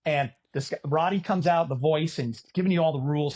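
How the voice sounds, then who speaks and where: A man in his fifties from California, an animated podcast guest telling stories, acting out quotes and swearing casually. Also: a little high, fast talker, hardly any pauses, slightly rough. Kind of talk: casual storytelling chat.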